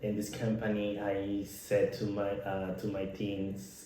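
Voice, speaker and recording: Nicaraguan-accented man, low voice, earnest chat, very echoey room. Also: completely flat delivery, dark tone, a little hiss or hum. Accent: Nicaraguan Spanish. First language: Spanish. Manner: earnest, laughs often, halting in his second language. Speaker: podcast co-host. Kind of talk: casual chat.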